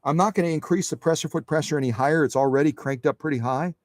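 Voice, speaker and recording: A man's voice: fairly high pitch, quick pace, darkish tone, no room sound, clean studio sound. A man hosting a live sewing machine demonstration, chatting with viewers in a folksy, instructive way.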